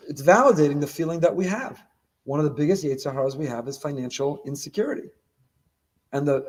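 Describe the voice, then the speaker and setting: A middle-aged man, a rabbi, preaching on the weekly Torah portion with lively, dramatic delivery and Hebrew quotations. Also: a little high. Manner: animated preaching, acting out imagined dialogue, mixing in Hebrew quotations.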